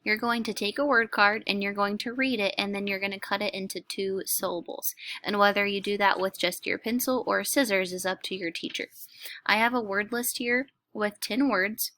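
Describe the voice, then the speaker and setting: A woman teacher explaining a lesson to young children, slowly and clearly. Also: mid-range voice, steady tone, bright, forceful tone, no room sound. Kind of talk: instructional video lesson.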